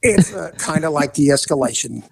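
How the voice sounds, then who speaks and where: A man's voice: on the high side, expressive, moderate pace, gravelly. A man who was a police officer, casually telling a story and acting out voices and sound effects.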